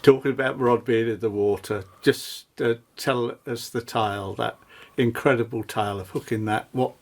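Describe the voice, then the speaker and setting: A man's voice: medium pitch, fairly even intonation, normal speed. A man interviewing a guest, prompting him with leading questions.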